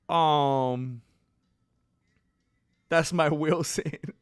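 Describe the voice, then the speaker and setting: A man with a rather high voice hosts a casual livestream. He rambles conversationally and answers his chat. The sound is dry, with no room echo. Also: steady tone, drawn-out words, smooth. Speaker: livestream host.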